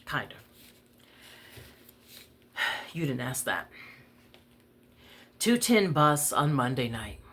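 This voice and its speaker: A woman's voice: very deep voice, very animated, slow, a bit bright, a little hiss or hum. Wry conversational woman storyteller. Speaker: poet, storyteller. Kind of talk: spoken-word story reading.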